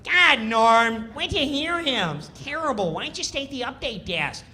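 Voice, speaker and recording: A man putting on a whiny, nitpicking male coworker who keeps needling a colleague in a shrill, nagging voice. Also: animated, moderate pace, sharp tone, heavily acted.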